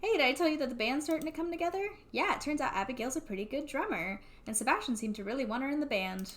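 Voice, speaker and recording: A woman's voice: sits high, expressive, fast talker, pitched above the performer's own voice. A woman reading the lines of an easygoing young man, a village big brother, from a video game. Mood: chatty. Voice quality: light, reading game dialogue aloud. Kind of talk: reading game dialogue aloud.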